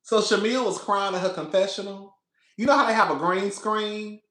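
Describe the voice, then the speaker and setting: A man hosting a casual reality TV recap, animated and laughing often, calling his listeners "girl". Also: high-pitched, normal speed. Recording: echoey room.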